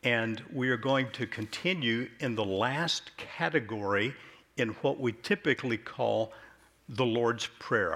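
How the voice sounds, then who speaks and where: A man's voice: on the low side, pushed and bright, breathy edge. A middle-aged man who is a pastor, preaching a sermon in an earnest, conversational way. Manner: earnest, conversational, acts out quoted prayers.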